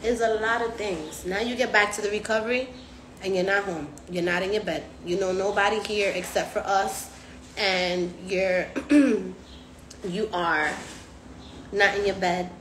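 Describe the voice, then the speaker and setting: A woman's voice: mid-range voice, measured pace, echoey room, slight background noise. A woman hosting a casual live stream, slangy and profane, acting out other people's voices as she talks. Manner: animated, acts out patients' voices. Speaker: recovery house host.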